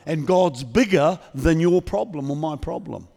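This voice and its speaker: Calm male pastor in a reverberant church. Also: a little high, measured pace, creaky. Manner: calm, conversational, not yelling. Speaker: guest pastor. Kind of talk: sermon with healing prayer. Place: church service.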